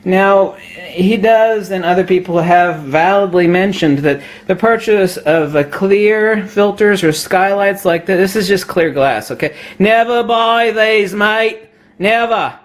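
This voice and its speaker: High-voiced ranting man, mock Aussie twang. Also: measured pace. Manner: puts on a mock Australian accent, says mate a lot; laughs at his own jokes, emphatic and lecturing. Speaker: photography vlogger. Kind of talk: opinionated gear rant to camera.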